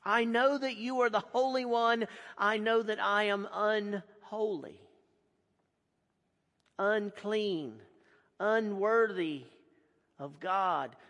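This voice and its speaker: A man's voice: sits high, steady tone, slow pace, long pauses, a bit bright, exaggerated voice. A man voicing a frightened possessed man who pleads anxiously. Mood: pleading. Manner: pleading, anguished. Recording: long hall reverb.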